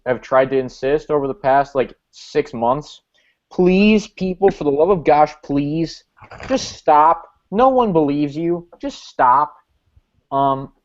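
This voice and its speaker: A man's voice: on the high side, a little mellow. A man hosting a casual fan discussion, chatty and asking long rambling questions. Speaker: podcast host. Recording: dull lo-fi audio.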